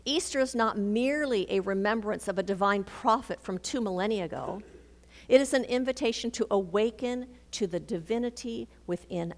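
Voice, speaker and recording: A woman minister giving a sermon, telling a personal story and acting out the dialogue in it. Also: mid-range voice. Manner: storytelling, animated, acts out dialogue. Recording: reverberant hall.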